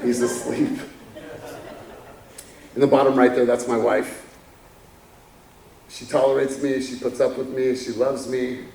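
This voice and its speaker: A man's voice: medium pitch, level tone, unhurried, gravelly, long pauses, a little mellow, far from the mic. A man giving a candid motivational talk from a conference stage, chuckling as he tells stories. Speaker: keynote speaker. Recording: echoey hall from afar.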